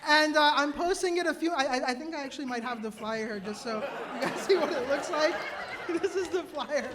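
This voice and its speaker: A man in his thirties telling a personal story live on stage, animated and self-mocking, with quick asides and laughs. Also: very high-pitched, crowd noise. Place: cultural center stage before an audience.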